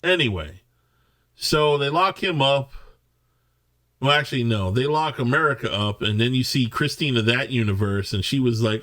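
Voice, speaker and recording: A man reviews a film in a loose, rambling way, peppering his rant with curses and sarcastic asides. His voice sits at an ordinary middle pitch. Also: lively intonation, normal speed, a bit bright. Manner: profane, sarcastic ranting. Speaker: movie reviewer.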